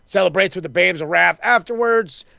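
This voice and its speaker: A man's voice: sits high, moderate pace, vocal fry, no echo, lo-fi sound. A man hosting a casual wrestling recap chat, swearing freely and acting out what people said. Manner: profane, excitable, acts out quotes. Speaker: wrestling podcast host.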